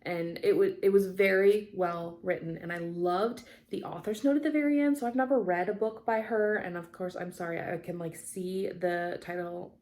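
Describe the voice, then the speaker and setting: A woman's voice: fairly low pitch, fairly even intonation, moderate pace, few pauses, darkish tone. A young woman chatting casually in her craft vlog, rambling with lots of fillers. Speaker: cross-stitch vlogger. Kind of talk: casual chat.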